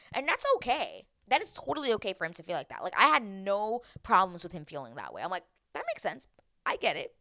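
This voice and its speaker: Animated woman recapping reality TV. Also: lowish voice, dry recording, clean studio sound. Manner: animated, acts out quotes, swears freely. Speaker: recap show host. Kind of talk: casual TV recap chat.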